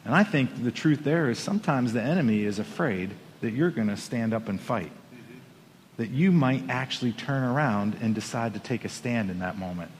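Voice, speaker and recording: A pastor preaching a Sunday sermon from a riser in church, telling a story in an animated way and pushing his voice up for emphasis. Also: medium pitch, moderate pace, slight background noise. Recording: long hall reverb.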